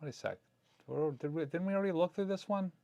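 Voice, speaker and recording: A man's voice: fairly high pitch, fast talker, gravelly, darkish tone. Chatty man commenting live on film scans. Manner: chatty, joking, thinking aloud. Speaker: photography vlogger. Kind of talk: casual live commentary while scanning film.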